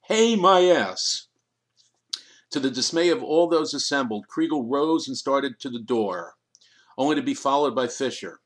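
A man narrating an audiobook in a measured storytelling manner. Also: medium pitch. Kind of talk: scripted narration.

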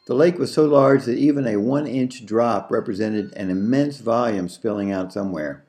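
A man narrating an audiobook story in a slow, measured reading. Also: medium pitch, darkish tone, faint music behind.

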